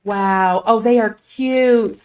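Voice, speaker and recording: A woman hosting a casual craft livestream, gushing and excitable. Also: on the high side, slow. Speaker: livestream host.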